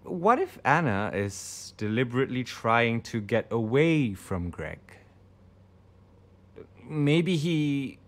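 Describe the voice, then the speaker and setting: A man voicing a young man's video message in a game, speaking slowly with heavy rolled R sounds. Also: on the high side. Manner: slow, lively delivery with heavy rolled R sounds.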